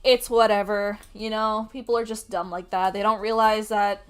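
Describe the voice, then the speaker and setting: A woman streamer telling a story in a casual, animated rant, swearing freely and able to project her voice loudly. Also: mid-range voice, normal speed, clean tone. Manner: can project a loud voice. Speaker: art streamer.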